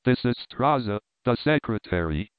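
A steady police inspector explains things in an even, measured way, as a man reads his lines. The voice sounds smooth and clear. The audio is dry and narrow, almost like a phone call. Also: medium pitch, no room sound, close to an everyday voice.

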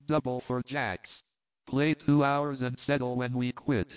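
A man's voice: medium pitch, level tone, measured pace, smooth, lightly acted. Man reading as a cocky young card player. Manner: cocky, eager. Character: brash boastful young man. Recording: tinny phone-like sound.

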